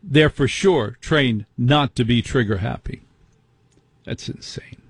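A man's voice: mid-range voice, slightly rough, dry recording. A middle-aged man hosting a talk radio show, ranting with indignant rhetorical questions.

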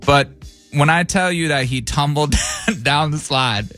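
A man's voice: fairly high pitch, a little slow, bright, forceful tone, soft background music. A man in his thirties, a father, telling a story in casual chat, laughing often and acting out the voices of the people in it.

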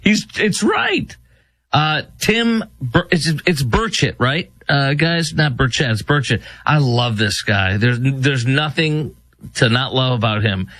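A man's voice: mid-range voice, animated, a little slow, a bit bright, dry recording. A man hosting a casual commentary show, mocking and laughing as he reacts to clips. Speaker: show host.

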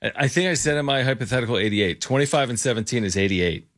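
A man co-hosting a sports radio show, animated and casual, often saying "dude" and "like.". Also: mid-range voice, fast talker.

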